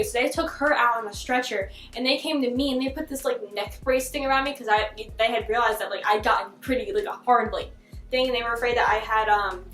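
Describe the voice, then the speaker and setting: A young woman vlogger telling a childhood story in a casual, animated way, laughing often and full of fillers. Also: a little high. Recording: echoey room with faint music.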